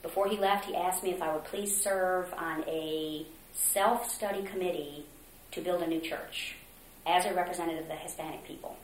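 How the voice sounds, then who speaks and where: A woman from Mexico being interviewed, earnestly recounting a story, acting out quotes with hesitant pauses. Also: fairly low pitch, fairly even intonation. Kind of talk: oral history interview. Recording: roomy echo, faint noise.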